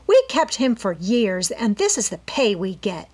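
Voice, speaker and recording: A woman's voice: medium pitch, animated, moderate pace, breathy edge. A woman voicing a tart, spoiled young woman who speaks coldly and sharply in a storybook reading. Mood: resentful. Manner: cold and sharp.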